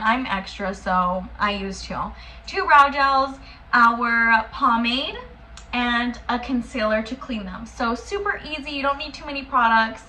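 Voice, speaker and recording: A young woman talks straight to the camera in an easy, gushing way, as a beauty vlogger. Her voice sits a touch high and sounds bright. Faint room hiss runs underneath. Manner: chatty, effusive, gushing. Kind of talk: casual talk to camera.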